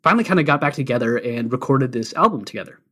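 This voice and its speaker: Halting, easygoing male storyteller. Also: mid-range voice. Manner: relaxed storytelling, halting with many uhs and ums. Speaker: podcast co-host. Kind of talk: casual music podcast chat.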